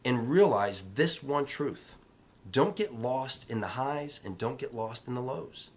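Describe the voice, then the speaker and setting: A man's voice: mid-range voice, expressive, unhurried. Emphatic man giving a motivational vlog talk. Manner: emphatic, repetitive, coaching tone. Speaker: real estate vlogger.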